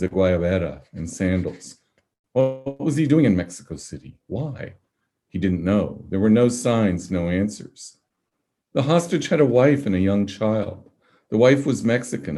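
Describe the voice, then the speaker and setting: A male author reading his own novel aloud in steady, measured storytelling. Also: deep voice.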